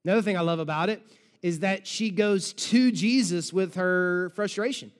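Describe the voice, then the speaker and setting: A male pastor preaching a sermon with animated storytelling and dramatic pauses, in a large church auditorium. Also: high voice, smooth, big-room sound.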